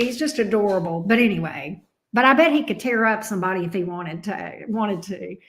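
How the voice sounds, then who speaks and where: A tarot reader from coastal Alabama chats casually with livestream viewers in a Southern US accent, laughing often and swearing freely. Her voice is medium-pitched at a moderate pace, and the room sounds echoey.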